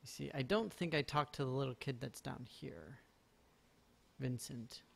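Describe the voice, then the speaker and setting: A man's voice: medium pitch, unhurried, vocal fry. Chatty, rambling male game streamer. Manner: rambling, chatty, self-mocking jokes. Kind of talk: casual live-stream commentary.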